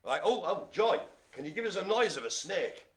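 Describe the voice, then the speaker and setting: A middle-aged man hosting a live bingo game, chatty and jokey, speaking to his audience as ladies and gentlemen. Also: sits high, very animated, moderate pace, a loud crowd. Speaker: bingo caller and host.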